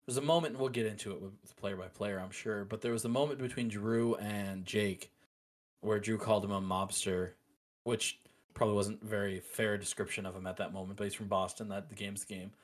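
A man co-hosting a podcast in casual chat, animated and opinionated, with frequent fillers. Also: fairly low pitch, a little fast. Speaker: podcast co-host.

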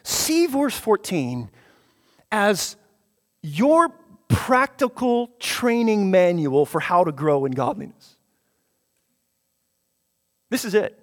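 A man's voice: high-pitched, very animated, takes it slowly, long pauses. A man preaching a sermon, emphatic, repeating phrases for stress and building to passionate peaks. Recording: long hall reverb.

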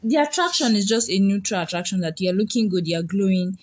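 A woman's voice: mid-range voice, fairly quick, husky. A young woman co-hosting a casual morning talk show, playful and joking, easily flustered. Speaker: co-host.

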